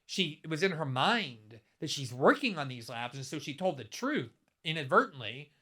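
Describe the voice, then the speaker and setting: A man in his fifties talks straight through a commentary monologue, stressing words hard and stacking rhetorical questions. His voice is bright and forceful and sits a little high for a man. He keeps pressing one argument without letting up. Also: big pitch swings, moderate pace, husky. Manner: emphatic, building rhetorical questions. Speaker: political commentator.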